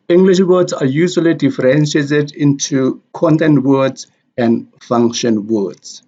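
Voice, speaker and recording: A man teaching a recorded language lesson, walking through examples on slides in a deliberate, repetitive way. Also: medium pitch, a little mellow. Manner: slow, deliberate, repeating examples. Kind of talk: slide-based lecture. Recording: dull lo-fi audio.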